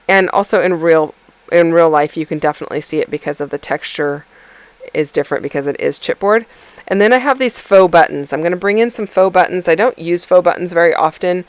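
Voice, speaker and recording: A woman's voice: on the low side, clean tone, no echo. A woman casually narrating her scrapbooking process in a chatty, rambling way, with lots of ums and self-corrections. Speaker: scrapbooking video creator.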